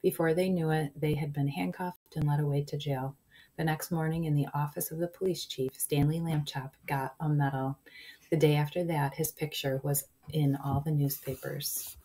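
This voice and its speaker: A woman reads a children's chapter book aloud in a low, mellow voice. She narrates with animation and drops into hushed whispers at the tense parts. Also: steady tone, normal speed. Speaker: reader.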